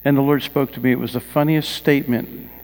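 A man's voice: medium pitch, steady tone, brisk, a little mellow. A male pastor preaching a sermon, telling personal stories with rising emphasis and asking the congregation questions. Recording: long reverb of a large hall.

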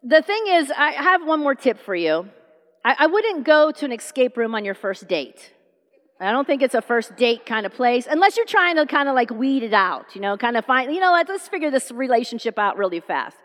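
A woman's voice: sits high, moderate pace, long reverb tail. A middle-aged woman preaching a sermon, telling stories and acting out the dialogue. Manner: animated storytelling, acting out dialogue.

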